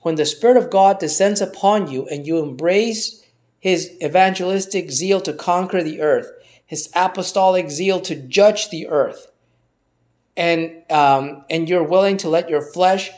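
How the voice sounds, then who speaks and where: A man with a somewhat higher voice preaches through a Bible passage. He stumbles and repeats words as he thinks aloud, then slows right down to press his main points. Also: darkish tone. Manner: halting, with many repeated words and restarts. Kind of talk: sermon-style Bible teaching.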